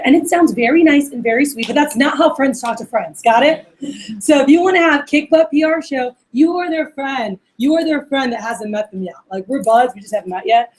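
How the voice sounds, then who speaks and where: A woman's voice: sits high, a little fast, a little mellow, low-quality recording. A woman running a workplace training session for receptionists, chatting casually and acting out sample phone calls. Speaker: office manager training receptionists.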